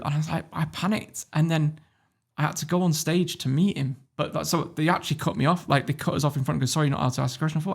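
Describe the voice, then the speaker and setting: A quick-talking man from northern England with a gravelly, creaky voice. He tells a story as a podcast guest, loose and animated, swearing freely as he goes. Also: fairly high pitch. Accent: northern English. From Warrington, England. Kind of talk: casual interview storytelling.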